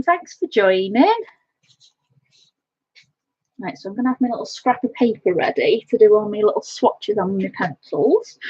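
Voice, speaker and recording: Colouring at home on a live stream, this female host greets her viewers by name and chats warmly with them. Her voice sits on the high side, with a darkish, slightly rough tone. The recording is dry, and the stream audio has a dull, lo-fi quality.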